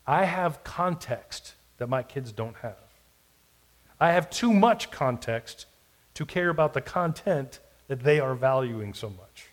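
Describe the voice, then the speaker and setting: A male pastor preaching a sermon in a reflective way, moving between soft, quiet asides and emphatic declarations. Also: mid-range voice, animated, a little slow. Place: church or podcast recording.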